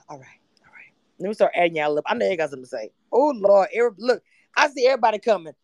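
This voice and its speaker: A woman hosting a livestream, chatting animatedly and excitably about a reality show, sometimes breaking into shouts and laughter. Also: medium pitch, very fast, dry recording. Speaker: livestream host. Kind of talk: casual reality-TV recap chat.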